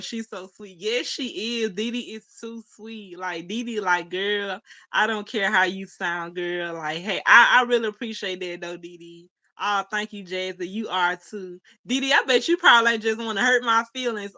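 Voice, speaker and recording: Chatty young woman livestreaming, bright voice. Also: medium pitch. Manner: chatty, laughs often, talks to chat as y'all. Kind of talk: casual livestream chat, reading comments.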